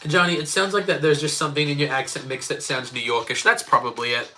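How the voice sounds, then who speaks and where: A man's voice: fairly high pitch, steady tone, fast, sharp tone, faint music behind. A man with an Australian accent chatting casually on a live stream while building Lego and reading chat, rambling with many fillers.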